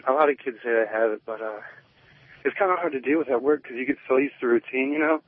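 A man's voice: medium pitch, fast talker, husky, no echo. A man calling in to a radio show over the phone, rambling with lots of "like" and "you know", a bit out of breath. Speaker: caller. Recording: tinny phone line.

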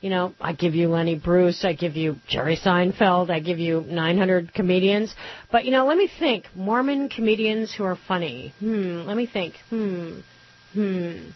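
A woman hosting a political talk radio show, sarcastic and rapid-fire with mocking asides. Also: on the low side, dull audio.

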